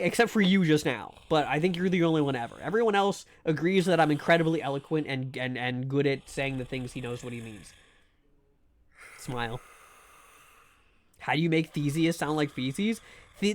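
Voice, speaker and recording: A man streaming a game live, chatting casually to his viewers in a rambling, joking way and often stumbling over words. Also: on the high side. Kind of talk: casual live gameplay commentary.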